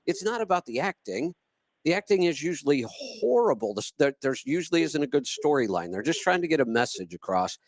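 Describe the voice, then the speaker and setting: A man's voice: fairly high pitch, sing-song, a little fast, dry recording, low-quality recording. A man hosting a live stream, talking casually and repeating words as he thinks aloud. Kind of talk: casual talk show chat.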